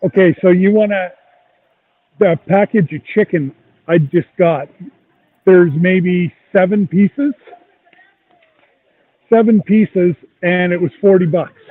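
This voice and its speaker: A man's voice: high-pitched, slow pace, pauses often. Easygoing man on a tinny line. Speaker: livestream co-host. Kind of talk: casual livestream chat.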